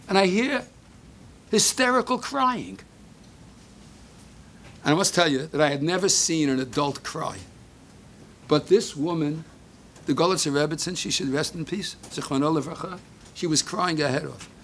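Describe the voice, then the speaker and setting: An older man giving a sermon, telling a story with Hebrew phrases mixed in, moving between hushed and emphatic delivery. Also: high voice. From United States. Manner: mixes Hebrew phrases into English.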